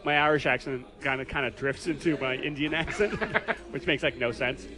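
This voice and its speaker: A man's voice: mid-range voice, moderate pace, crowd noise, poor audio. A man hosting a casual podcast chat in a pub, rambling with lots of fillers and restarts. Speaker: podcast host. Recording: pub with clear background music.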